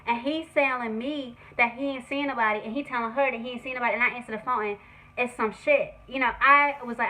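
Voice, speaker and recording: A young woman tells a personal story to her viewers in a lively, swearing, chatty way. Her voice sits a bit high and sounds bright and forceful, and it rises sharply when she gets worked up. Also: a little fast, a little hiss or hum, poor audio. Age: young adult. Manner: animated, profane, conversational. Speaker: vlogger. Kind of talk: story time vlog.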